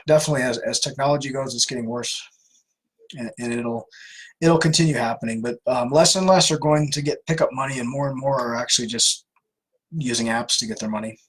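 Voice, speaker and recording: In a low-quality recording, a woman with a husky bass voice hosts a live Q&A on scam awareness. She answers viewer questions earnestly and plainly.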